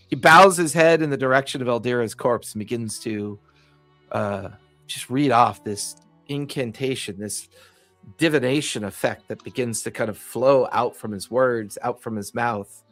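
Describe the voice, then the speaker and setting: A man narrates a tabletop game as its game master, setting scenes in a calm and measured way. He speaks at an ordinary pitch from a dry, close mic on an online call. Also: no echo, faint music behind.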